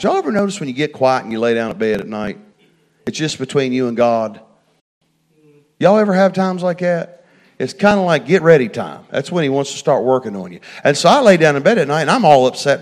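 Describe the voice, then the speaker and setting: A man's voice: on the high side, very animated, fairly quick. Preacher man telling a story. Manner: storytelling, swings from hushed to loud. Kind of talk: sermon.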